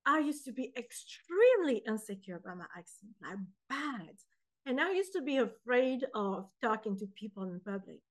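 Young woman poet, French accent, slightly high voice, animated interview storytelling. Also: moderate pace. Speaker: poet and author. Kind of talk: interview conversation.

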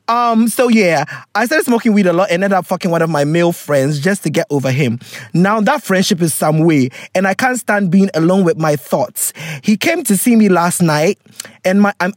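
A woman's voice: lowish voice, no room sound, clean studio sound. A woman co-hosting a podcast, reading a listener's letter aloud and breaking off to comment bluntly and jokingly. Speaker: podcast co-host.

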